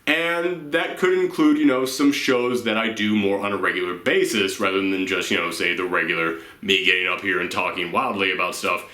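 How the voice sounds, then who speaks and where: A man's voice: low-pitched, fairly even intonation, moderate pace, few pauses, pushed and bright, roomy sound. A young man hosting his own channel, talking unscripted and earnestly to his viewers late at night, a little tired and rambling. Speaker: YouTube channel host. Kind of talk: casual vlog to viewers.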